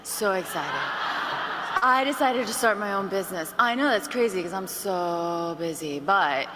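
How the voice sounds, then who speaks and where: A woman's voice: medium pitch, unhurried, big-room sound, noisy background, voice pushed down, close to an everyday voice. A woman acting out a tired young woman calling a friend, sluggish and dragging her words. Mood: weary. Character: drowsy, listless young woman phoning a friend.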